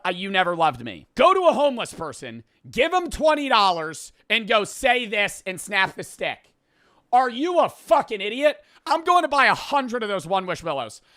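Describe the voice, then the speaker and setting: Brief: young male host, high-ish bright voice, very animated, crude and mocking, dry close sound. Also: no room sound. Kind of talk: casual crude movie recap.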